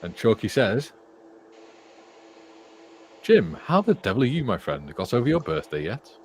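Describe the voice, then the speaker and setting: A man's voice: on the low side, big pitch swings, moderate pace, slight background noise. Older Welsh man reading chat aloud. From Wales. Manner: jokey, reads viewer comments aloud with laughs. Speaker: co-host reading live chat. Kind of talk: casual banter on a livestream.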